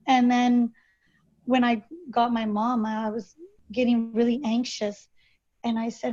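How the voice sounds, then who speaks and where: A woman guest telling a personal story in an interview, halting and hesitant with many fillers and restarts. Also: a little high, flat delivery, mellow. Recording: dull lo-fi recording.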